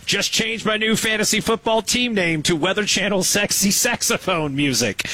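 A man's voice: high voice, normal speed, few pauses, bright, forceful tone, no room sound. A man co-hosting a sports radio show, joking and teasing listeners in casual banter.

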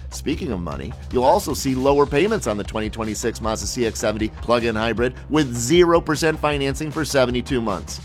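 A car dealer reads his own radio spot with a friendly salesman's lilt. His pitch moves lively up and down. Soft music sits under his voice. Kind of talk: scripted radio ad.

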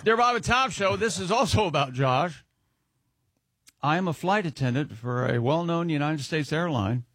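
A man's voice: on the high side, animated, normal speed, fairly bright tone, breathy edge, dry recording, studio quality. A man co-hosting a radio show, reading listener letters and a live ad read in a jokey manner. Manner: reads letters and ad copy aloud, jokey.

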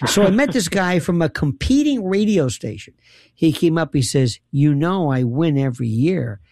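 Woman, storyteller, animated and laughing, dry booth sound. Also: low-pitched, moderate pace, no room sound. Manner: animated, laughing, dramatic quoted voices. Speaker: radio host guest. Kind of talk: casual storytelling chat.

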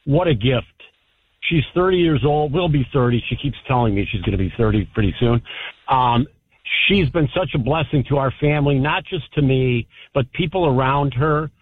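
A man's voice: medium pitch, moderate pace, husky. Grateful man caller on a phone line. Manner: warm, grateful, heartfelt father. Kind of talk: call-in radio talk.

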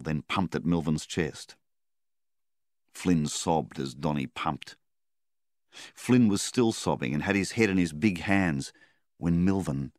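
A man reading a story aloud in calm, measured audiobook narration. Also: rumbling low, no echo, studio quality. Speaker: story reader.

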